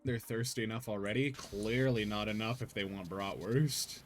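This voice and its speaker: A man's voice: lowish voice, moderate pace, soft background music. A man hosting a gaming stream, chatting playfully and improvising silly role-play bits with a guest. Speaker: streamer host. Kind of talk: casual gaming-stream chat.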